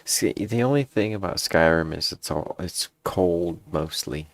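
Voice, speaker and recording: A man's voice: deep voice, a little slow, no echo. A man chatting casually while editing his own video clips, rambling and grumbling as he works. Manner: rambling, grumbling aside to himself. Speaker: streamer.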